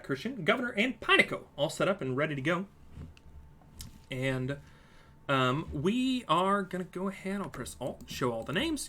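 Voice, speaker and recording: Excitable marble race commentator. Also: medium pitch. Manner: excitable, playful, talks to viewers as folks. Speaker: stream host and race commentator. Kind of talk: live marble race play-by-play.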